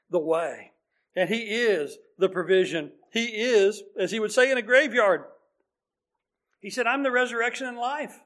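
Male preacher, high-pitched voice, teaching sermon, emphatic then hushed. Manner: explanatory, swings between emphatic and hushed.

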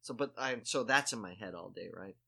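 A man with a bright, forceful voice tells an awkward story in a relaxed chat. He rambles and restarts his sentences, stuffs them with "like", and makes fun of himself as he goes. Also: lowish voice, fairly quick, creaky. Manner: rambling, full of "like" and restarts, self-mocking. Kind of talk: casual chat, telling a story.

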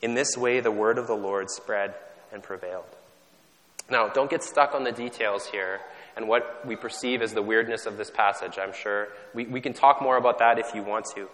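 A man's voice: lowish voice, moderate pace, fairly bright tone. A man from Canada preaching a sermon in a conversational, self-deprecating way, often restarting his sentences. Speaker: pastor. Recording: long hall reverb.

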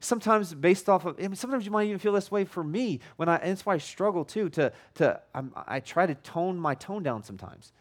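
A man preaching in a relaxed, chatty way, stumbling over restarts and doubling his words as he works through a point. His voice sits a bit higher than most men's. His tone can sound loud, even angry, when he isn't. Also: a little fast, hardly any pauses. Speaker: pastor. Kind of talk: conversational sermon.

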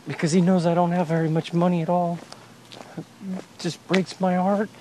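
Man, higher-pitched, emotional, earnest, personal video diary, faint road hum. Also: steady tone, normal speed, dark tone, rough recording. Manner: earnest, emotional, sighs often. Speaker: father.

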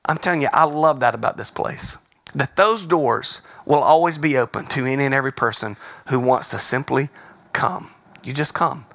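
Man, pastor, sermon, bright tone, dry sound, conversational, emphatic. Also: mid-range voice, normal speed, creaky, no room sound. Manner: conversational, emphatic, repeats key words.

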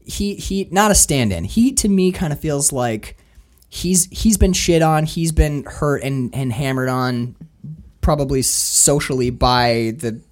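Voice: medium pitch, measured pace. American storyteller chatting about a film. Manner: rambling storyteller, acts out quotes. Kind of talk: casual chat reviewing a film.

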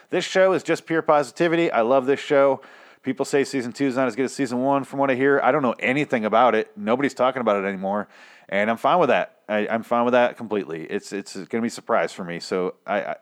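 Young man, tv recap, rambling, profane, mid-pitch voice, stumbling restarts. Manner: rambling, profane, self-interrupting. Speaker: TV reviewer. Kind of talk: casual episode recap.

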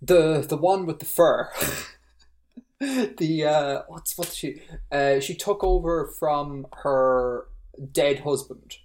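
Podcast co-host, casual chat, animated ranting, climbs in pitch when worked up, medium pitch. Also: takes it slowly.

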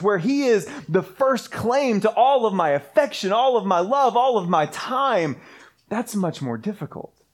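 Male pastor, high voice, earnest sermon delivery with repeated rhythmic phrasing. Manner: earnest, repetitive preaching cadence.

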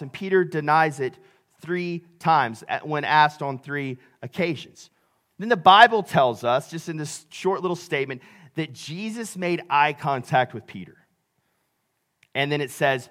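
A male pastor preaching a sermon, telling the story with big swings between loud and hushed delivery. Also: fairly high pitch, animated, measured pace.

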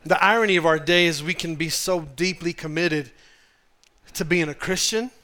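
A male pastor preaching a sermon to a congregation in an animated, humorous, conversational way. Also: on the high side, moderate pace. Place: church in front of a congregation.

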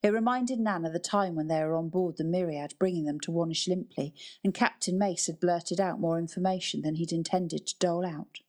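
Woman narrator, calm and even, a lowish voice for a novel reading. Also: brisk, hardly any pauses. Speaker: audiobook narrator. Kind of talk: scripted narration.

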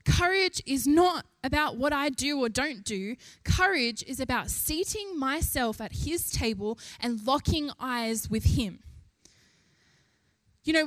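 A young woman preaching a sermon in an animated way, lifting her voice to stress each point. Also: high voice, no echo. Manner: animated, rising with emphasis, laughs between points.

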